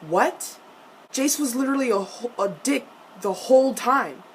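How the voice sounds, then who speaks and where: A young woman reacting to a TV episode in a casual vlog, animated and profane, with frequent laughs. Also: fairly high pitch, a little slow, slight background noise. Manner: laughs often between lines.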